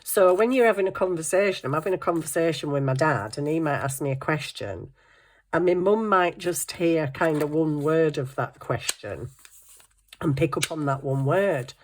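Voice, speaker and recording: A woman's voice: deep voice, animated, normal speed. A middle-aged woman, telling stories in casual chat and laughing often. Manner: chatty storytelling, laughing often. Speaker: craft vlogger.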